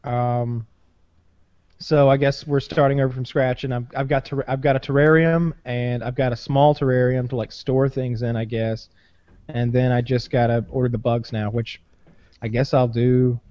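A man's voice: mid-range voice, level tone, moderate pace, dark tone. A man hosting a casual chat, rambling and laughing often, swearing freely. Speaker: podcast host. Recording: dull dry close-mic sound.

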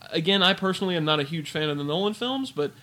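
A man with a bright, fairly high voice co-hosts a casual podcast chat. He rants with energy and fills his talk with "like" and "uh". His tone stays loose and conversational. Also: rapid-fire. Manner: ranting, animated, filler-heavy. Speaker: podcast co-host.

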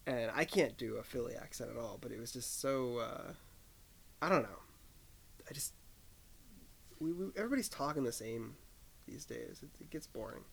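A man's voice: mid-range voice, moderate pace, vocal fry, pauses often, husky. A man co-hosting a podcast in casual chat, laid-back and often trailing off with a laugh. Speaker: podcast co-host.

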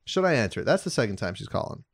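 A man's voice: mid-range voice, very animated, rapid-fire, no room sound, studio quality. A man in his twenties co-hosting a podcast, joking around and laughing often in casual chat. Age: 20s. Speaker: podcast co-host.

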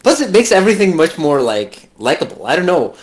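A man's voice: fairly high pitch, fairly quick. A man in casual conversation about a film, swearing freely and acting out lines from characters. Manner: profane, animated, quotes characters in put-on voices. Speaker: podcast co-host.

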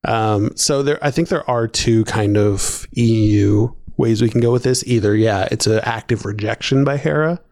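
A man's voice: on the low side, normal speed, hardly any pauses, a little mellow, dry recording, clean studio sound. A man co-hosting a podcast, talking chattily with lots of "like" and "um" in a casual discussion. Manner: chatty, filler-heavy, laughs often. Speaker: podcast co-host.

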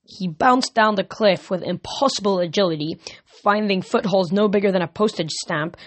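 A man reading a novel aloud as an amateur audiobook, steady with small slips. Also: high-pitched, normal speed, dry recording. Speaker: reader.

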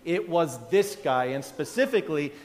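A man's voice: fairly high pitch, expressive, normal speed, a little mellow, in a large hall. A male pastor giving a conversational sermon, often restarting his sentences and chuckling. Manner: conversational, self-interrupting, chuckling.

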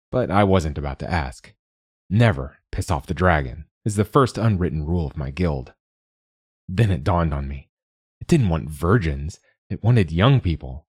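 A man's voice: sits low, a little mellow, slightly rough, no room sound. A man narrating a fantasy story in the first person with a dry, wry manner. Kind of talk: scripted audiobook narration.

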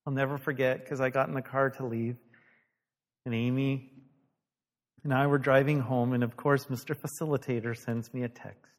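A man's voice: mid-range voice, fairly even intonation, moderate pace. A male pastor preaching a sermon, telling a story animatedly, acting out the dialogue and laughing at himself. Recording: long hall reverb.

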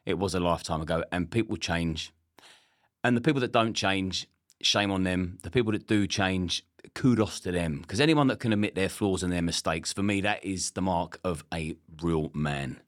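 A man speaking in a casual interview, earnest and measured. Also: sits low, no room sound, studio quality. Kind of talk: casual chat.

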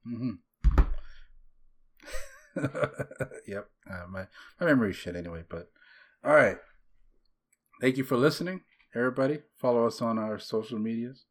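A man's voice: medium pitch, moderate pace, pauses often. A man hosting a podcast, wrapping up in easygoing, self-deprecating casual chat. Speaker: podcast host.

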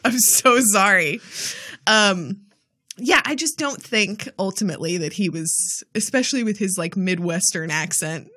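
A woman co-hosting a podcast in casual chat. She is animated, laughs often, and acts out quotes as she talks. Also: mid-range voice, a little slow. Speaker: podcast co-host.

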